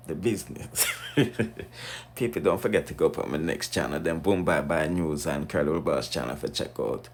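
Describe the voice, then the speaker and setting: A man's voice: very deep voice, normal speed, slight background noise. A man with a Jamaican accent hosting a gossip channel, chatting loosely and plugging channels. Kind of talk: casual channel sign-off.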